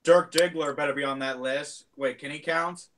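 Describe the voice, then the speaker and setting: A man's voice: fairly high pitch, steady tone, normal speed, a bit bright. Wry man making dry asides. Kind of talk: casual podcast banter.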